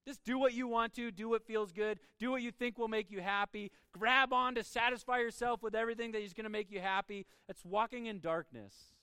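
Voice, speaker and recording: A man preaching a sermon as pastor, emphatic, with his voice swinging between soft and loud. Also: high voice, fairly even intonation, brisk, hardly any pauses, clear, resonant tone, no echo.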